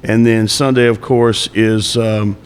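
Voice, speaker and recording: A man who runs a bar venue chatting as a guest, upbeat and quick to laugh. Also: on the low side, flat delivery, clear, resonant tone, long reverb tail. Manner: enthusiastic, laughs easily. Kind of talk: casual chat.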